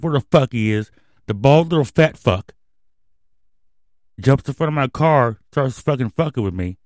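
A man's voice: mid-range voice, a little mellow, dry recording. A man hosting a radio show, telling an angry, profanity-filled story in a heated rant. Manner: angry, swearing constantly, heated.

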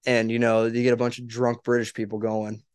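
A man's voice: mid-range voice, completely flat delivery, fairly quick, smooth, no room sound. Laid-back male podcast host, dry sound. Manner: laid-back, swears often, laughs a lot. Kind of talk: casual chat.

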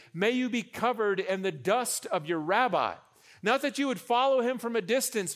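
A young adult pastor with a high-pitched voice preaches an animated sermon. He drops in joking asides and repeats phrases for emphasis.

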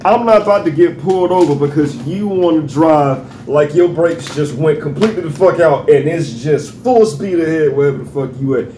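Man, podcast co-host, heated blunt rant, higher voice, roomy echo, light noise. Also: moderate pace, hardly any pauses, warm tone.

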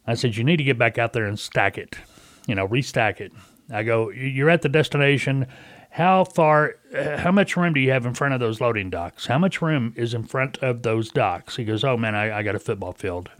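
A man's voice: mid-range voice, moderate pace, dry recording. A middle-aged man hosting a casual talk radio show, telling a folksy story and acting out a caller's lines.

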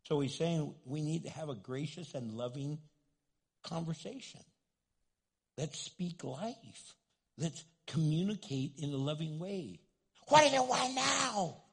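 A man preaching with a gravelly, very husky voice that sits a little high. He tells stories in an animated way and acts out the voices of the people in them. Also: a little slow. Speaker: pastor. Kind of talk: sermon.

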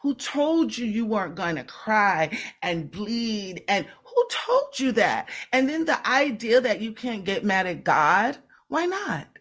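A woman speaking as a podcast guest, teaching spiritual ideas slowly and earnestly and repeating phrases for weight. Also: medium pitch, big pitch swings, a bit bright. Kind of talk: casual podcast conversation.

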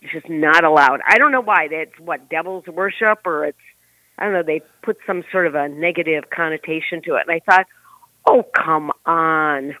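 A man's voice: on the high side, brisk, pushed and bright, no echo. A man co-hosting a talk show, giving emphatic opinions in casual chat over a phone line.

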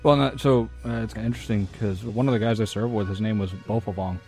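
A man's voice: fairly low pitch, fairly even intonation, fast talker, dark tone, faint music behind. A man co-hosting a podcast in casual chat, laughing a lot while reading things aloud. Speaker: podcast co-host.

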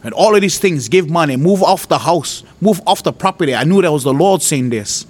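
A man from Hawaii, a preacher giving his testimony, who tells his story with lively jumps in voice and frequent laughter. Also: brisk. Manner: animated storytelling, voice jumps high and loud when retelling his outbursts; laughs often. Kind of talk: testimony to an audience.

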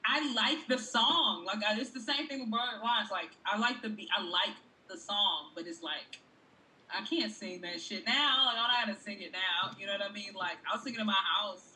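A woman's voice: medium pitch, moderate pace, pushed and bright. A woman co-hosting a casual chat, talking in a loose, slangy way with laughing asides. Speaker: podcast co-host. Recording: voice a bit distant from the mic.

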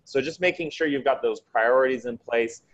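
A man's voice: mid-range voice, normal speed, dull audio. A man chatting casually on a podcast panel, repeating words and tossing in "right" and "I mean". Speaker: panel guest.

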